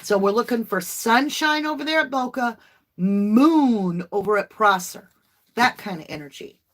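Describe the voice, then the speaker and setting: A woman's voice: a little high, expressive, measured pace, fairly bright tone, a little hiss or hum. A woman, hosting a casual livestream tarot reading in a chatty, folksy way and addressing viewers as y'all. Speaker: tarot reader livestream host.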